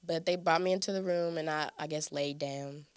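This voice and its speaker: A young woman hosting a podcast, telling a personal testimony in an animated, conversational way and often turning to her listeners. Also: sits low, normal speed, smooth, no echo. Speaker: podcast host. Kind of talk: casual testimony storytelling.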